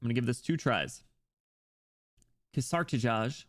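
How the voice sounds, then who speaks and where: A man's voice: mid-range voice, normal speed. A man streaming a game, chatting casually in a rambling, filler-heavy way. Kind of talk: casual game stream chat and reading game dialogue. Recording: faint music behind voice.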